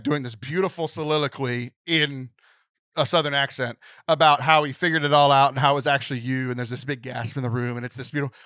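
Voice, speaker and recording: Man, podcast co-host, casual chat, animated film retelling, lots of fillers, dry close sound. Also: fairly high pitch, no room sound.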